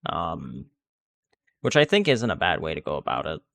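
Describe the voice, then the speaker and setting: Lively gravelly man talking through gameplay. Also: rumbling low, moderate pace, no room sound. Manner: rambling, restarts sentences, many fillers. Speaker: gaming video creator. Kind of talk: casual gameplay commentary.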